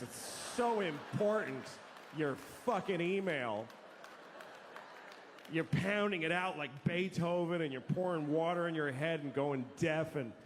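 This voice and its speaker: Animated, profane stand-up comedian man. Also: on the high side. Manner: profane, acts out quoted voices. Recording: long hall reverb, faint noise.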